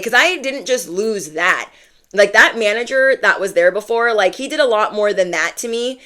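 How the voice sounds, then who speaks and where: A woman's voice: mid-range voice, a bit bright. A young woman telling a story in a casual vlog. She is blunt and slangy and acts out the voices of the people she quotes. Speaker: spiritual content creator.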